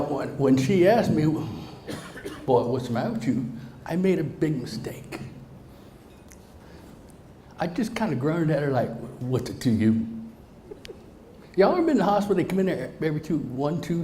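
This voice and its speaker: A middle-aged man spinning a funny personal story for a live crowd, folksy and quick with a joke. His voice sits on the mellow, dark side. The sound rings through a big hall with a faint hiss underneath. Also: a little high, animated. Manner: folksy, joking, talks directly to the crowd. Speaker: motivational speaker. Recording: roomy hall reverb, faint noise.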